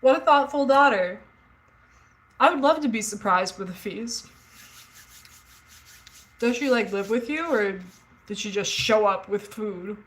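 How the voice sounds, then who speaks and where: A woman in her forties hosts a livestream from indoors at home, chatting casually and candidly with viewers and the live chat. She rambles through stories with fillers and the occasional swear, speaking at medium pitch in an unhurried way with frequent pauses, and the audio is poor.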